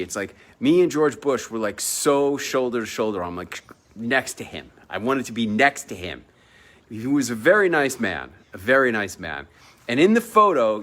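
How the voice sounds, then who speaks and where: A man at an ordinary pitch recounts a personal story to the camera in a loose, casual way. He talks emphatically and boastfully, drops in casual swearing, and slips into the voices of the people he quotes. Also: a bit bright. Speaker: entrepreneur telling a personal story. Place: at a villa at sunset.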